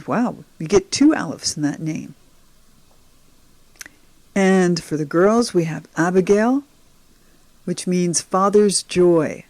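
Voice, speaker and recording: A Hebrew teacher narrates a beginners' lesson over slides, slowly and patiently, speaking directly to the viewer with encouragement. Her voice is lowish and a little mellow, with no echo.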